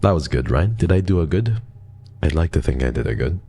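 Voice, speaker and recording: A man's voice: a bass voice, expressive, brisk, dark tone, husky. A man chatting playfully with viewers while live-streaming a horror game, jumpy and talkative. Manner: playful, jumpy, chatty with viewers, drops to a whisper when scared. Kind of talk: casual live-stream chat while gaming.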